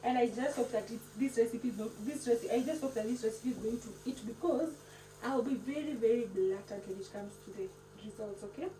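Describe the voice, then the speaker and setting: A woman hosts a casual cooking vlog. She talks in a chatty, playful way with a fairly high voice and slips words into her English. The recording is roomy and picks her up from across the kitchen, with clear background noise. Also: a little fast, mellow. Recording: echoey room, mic at a distance, background noise.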